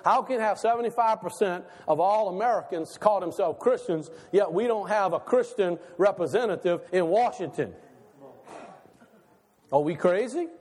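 A male pastor preaching a sermon with animated rhetorical questions and laughter between lines. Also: high voice, normal speed. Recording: long hall reverb.

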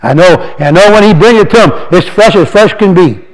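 A man giving an informal, earnest sermon to a congregation as a lay speaker, reading scripture slowly and putting questions to the listeners. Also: high-pitched, poor audio. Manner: earnest and exhorting, reads verses slowly, asks the audience questions.

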